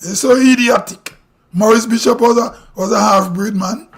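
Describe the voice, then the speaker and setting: High-pitched Grenadian man ranting live. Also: normal speed. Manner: blunt, ranting, rhetorical questions. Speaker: livestream host. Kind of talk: opinionated live commentary. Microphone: streaming mic.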